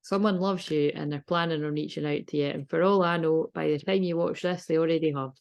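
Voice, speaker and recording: A woman's voice: low voice, fairly even intonation, brisk, creaky. A British woman giving a casual tarot reading, rambling, laughing and swearing freely. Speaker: tarot reader.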